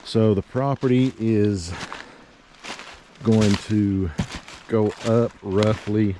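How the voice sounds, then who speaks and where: A man's voice: on the low side, fairly even intonation, very slow, noisy background. A man who has a cold, giving a casual, rambling walking tour of riverside land as a real estate agent. He is out of breath from climbing and sniffling. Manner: casual, folksy, rambling with fillers. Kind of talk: walking property tour vlog. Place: outdoors on wooded riverside land.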